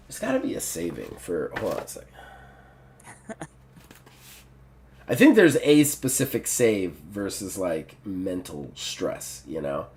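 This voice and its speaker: A man running a tabletop game, narrating in a casual, rambling way. He fills pauses with ums and uhs as he works out the scene. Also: low voice, wildly swooping pitch, darkish tone, slight background noise. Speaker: game master.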